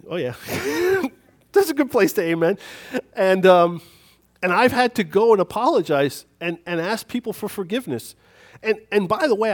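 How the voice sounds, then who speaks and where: A man preaching a sermon on forgiveness in a conversational, self-deprecating way, telling a story on himself. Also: sits high.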